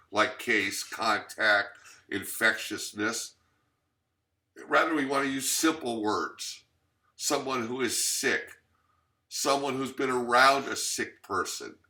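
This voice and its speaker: A man's voice: mid-range voice, lively intonation, slow pace, sharp tone. A man giving a recorded training lecture as instructor, teaching plainly with fillers and restarts.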